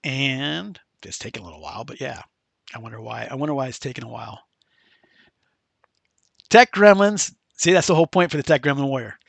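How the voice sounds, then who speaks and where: A man hosting a casual screen-share software tutorial, chatty and loose, with many fillers and restarts. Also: mid-range voice, animated, quick pace, creaky, no echo. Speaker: tutorial host.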